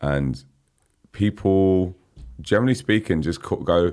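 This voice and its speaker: A man's voice: a bass voice, brisk. A man in his forties, a guest musician chatting casually in a podcast interview, laughing often and saying "you know what I mean" a lot. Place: podcast studio.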